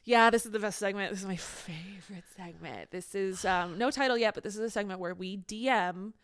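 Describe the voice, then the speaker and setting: A woman's voice: medium pitch, brisk, clean tone, dry recording, clean studio sound. A young woman co-hosting a podcast, chatting casually and playfully, often breaking into laughter. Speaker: podcast co-host. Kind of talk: casual chat.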